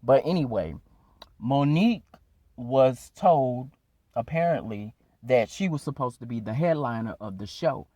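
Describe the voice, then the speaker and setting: A man's voice: mid-range voice, expressive, a little slow, warm tone, dry recording. Casual man recapping drama, dry sound. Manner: conversational, with fillers and hedges. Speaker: YouTube commentary host. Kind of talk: casual commentary narration.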